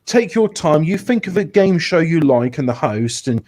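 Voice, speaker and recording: A man hosting a casual online game show, chatty and excitable, exclaiming loudly at his dice rolls. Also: a little high, normal speed. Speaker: host.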